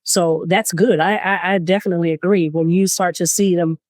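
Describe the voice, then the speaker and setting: A woman's voice: on the low side, fairly even intonation, fairly quick, darkish tone, dry recording, studio quality. A woman therapist co-hosting a casual podcast chat, speaking earnestly and reflectively. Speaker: therapist and co-host.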